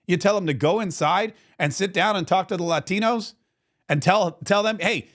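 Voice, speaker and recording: A man with a fairly high voice hosts a political commentary show. He sounds indignant and animated and keeps circling back on his own phrases. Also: normal speed. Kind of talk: opinionated commentary.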